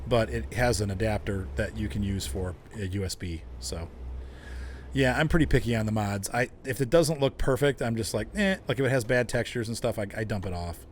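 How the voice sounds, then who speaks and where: A middle-aged man with a lowish voice hosts a casual gaming livestream, talking briskly and chuckling as he chats with viewers while playing. There's slight background noise.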